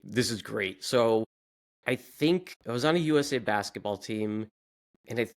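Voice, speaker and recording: Hombre contando anécdotas con animación. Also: male voice, fairly low pitch, moderate pace. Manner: lively storyteller, laughs while telling. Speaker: podcast host. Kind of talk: casual chat.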